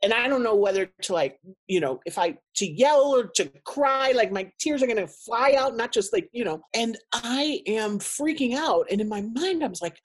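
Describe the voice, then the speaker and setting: A woman guest on a podcast interview, telling a story in an animated way and acting out what people said. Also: a little high, normal speed, hardly any pauses. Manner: animated storyteller, acts out quotes. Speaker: guest, nonprofit co-founder.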